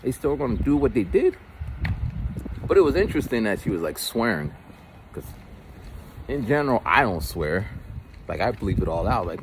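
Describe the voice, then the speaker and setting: A man's voice: mid-range voice, big pitch swings, normal speed, pauses often, a little hiss or hum. A man talking outdoors in the cold in a casual, rambling monologue, often repeating words. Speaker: vlogger.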